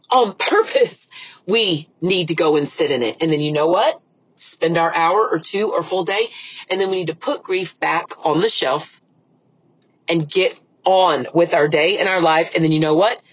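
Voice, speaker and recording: A woman's voice: on the low side, slightly rough, dull audio. A middle-aged woman hosting a faith podcast, talking earnestly through tears and praying aloud. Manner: earnest, emotional, repeats phrases. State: tearful, crying. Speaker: podcast host. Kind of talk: personal faith podcast talk and prayer.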